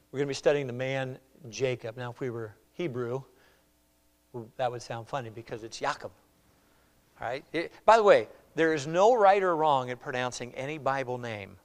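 A man preaching a sermon as a pastor, conversational, often checking in with "all right?" and moving between loud emphasis and quiet asides. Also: medium pitch. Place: church.

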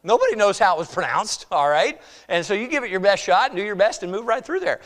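Male pastor, slightly high voice, informal preaching style, shifts from loud to soft. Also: sing-song, fast talker. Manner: conversational, asks "all right?" often, swings from loud to quiet. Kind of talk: sermon. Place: church.

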